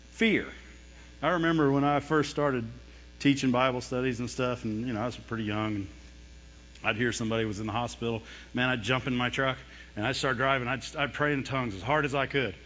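A man preaching a lively sermon, mimicking whining voices and laughing often as he talks. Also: mid-range voice, brisk, in a large hall, a little hiss or hum. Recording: dull lo-fi sound.

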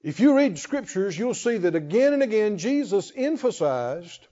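A man with a high, warm voice and big pitch swings preaches at a moderate pace in folksy style, calling out to his congregation. The church hall recording carries a muffled reverb.

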